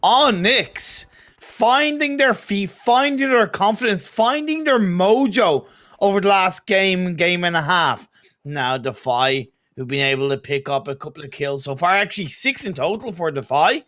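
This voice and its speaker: A man co-casting a live mobile esports match, with energetic, chatty commentary. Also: high-pitched, measured pace. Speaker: esports caster.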